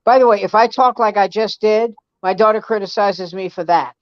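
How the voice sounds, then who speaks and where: Female comic, casual banter, salty and animated; muffled, dry sound. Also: medium pitch, a little fast, no echo. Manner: animated, profane storytelling. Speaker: comedian guest. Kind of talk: casual chat.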